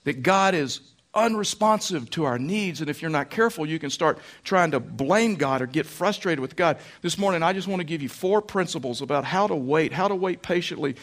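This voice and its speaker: A man's voice: a little high, expressive, a little fast, fairly bright tone. Folksy man preaching a sermon. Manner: folksy storytelling preacher, repeats phrases for emphasis. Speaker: pastor.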